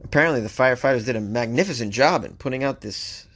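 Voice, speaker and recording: A man's voice: mid-range voice, fast, fairly bright tone. A man hosting a comedic news show, reading odd stories aloud and breaking off into wry, joking asides. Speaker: podcast host.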